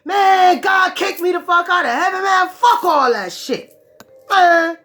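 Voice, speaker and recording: A woman voicing a furious devil cast out of heaven, ranting and cursing loudly. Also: extremely high pitch, lively intonation, measured pace, soft background music, pitched above the performer's own voice, exaggerated voice. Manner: shouting, profane ranting.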